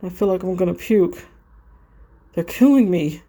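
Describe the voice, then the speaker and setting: Woman reading a frightened teen girl, tense, lowish voice, plain text-story read. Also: normal speed, warm tone. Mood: panicked. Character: frightened teenage girl haunted by ghosts.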